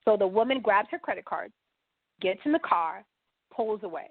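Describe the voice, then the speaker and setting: A woman guest on a podcast, telling a long story and acting out the dialogue in lively quoted voices. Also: mid-range voice, normal speed, gravelly, no echo. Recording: dry phone-line sound.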